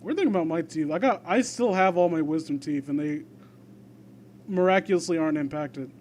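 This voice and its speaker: A young man reads a story out loud in a casual way, then keeps stopping to make sarcastic jokes about it. His voice sits fairly high and he often trails off. He sounds like he is just chatting to an audience. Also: fairly quick, slight background noise. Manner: rambling, sarcastic asides, trails off. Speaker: commentator reading and mocking fan fiction. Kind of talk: casual reading and commentary.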